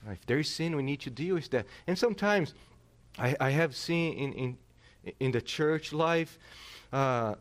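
A middle-aged male pastor preaching a sermon, emphatic and animated, often restarting his words. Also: on the high side, unhurried.

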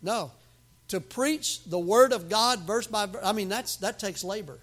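High-voiced emphatic preacher man. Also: unhurried. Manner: emphatic preaching with sudden loud outbursts and humor. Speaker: pastor. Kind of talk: sermon.

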